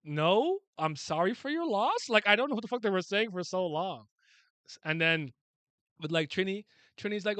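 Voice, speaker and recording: A young man from Canada chatting casually on a live stream, answering comments in an animated way and swearing freely. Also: high voice, moderate pace, dry recording. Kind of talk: casual live reaction chat.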